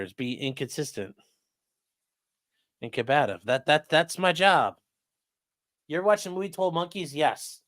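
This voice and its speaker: A man's voice: a little high, fairly bright tone. A man who is a lawyer chats casually on a livestream, joking and reading viewer comments aloud.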